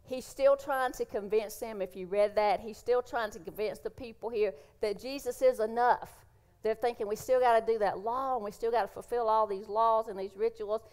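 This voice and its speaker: A woman delivers a sermon in a church. Her voice sits a little high, and she speaks with earnest feeling. She repeats phrases for emphasis. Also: steady tone, moderate pace, a little mellow. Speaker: preacher.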